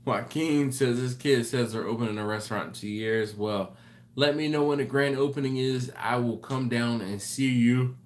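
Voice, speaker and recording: A man's voice: medium pitch, normal speed. A man hosting a late-night live stream. He reads out viewer comments in a rambling, tired way, often correcting himself and apologizing. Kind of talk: casual live chat reading viewer comments.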